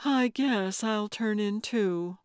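A woman's voice: mid-range voice, slow pace, a little mellow, clean tone, no room sound, studio quality, close to an everyday voice. A woman doing a syrupy, smug woman. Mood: sweet. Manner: syrupy, sweet. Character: sugary, smug woman houseguest.

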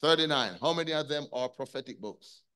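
A man's voice: a little high, lively intonation, a little fast, bright, forceful tone, clear, resonant tone. A man teaching a Sunday school lesson over a video call, talking conversationally and putting questions to his class.

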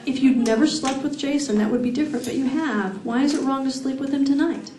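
A woman reading aloud as a gentle young man who speaks softly and calmly. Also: high-pitched, fairly quick, close to an everyday voice. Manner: soft, calm. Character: gentle, calm young man comforting a friend. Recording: echoey room, far from mic.

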